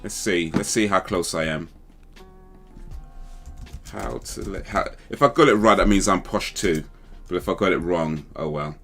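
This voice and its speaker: A man's voice: low voice, moderate pace, creaky, long pauses, a bit bright, faint music behind. A man hosting a casual livestream chat, rambling and thinking aloud as he second-guesses himself. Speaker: livestream host.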